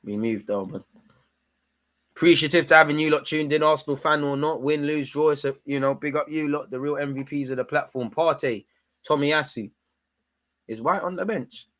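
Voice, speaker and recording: A young man hosting a live football watchalong, talking casually in slang and shouting at the referee. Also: fairly high pitch, moderate pace. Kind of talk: live match reaction commentary.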